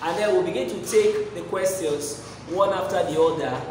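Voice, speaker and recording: A man's voice: high voice, moderate pace, a little hiss or hum. A man teaching a maths lesson, asking rhetorical questions and repeating key phrases. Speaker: mathematics teacher. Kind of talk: classroom lesson. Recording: echoey hall, voice from far off.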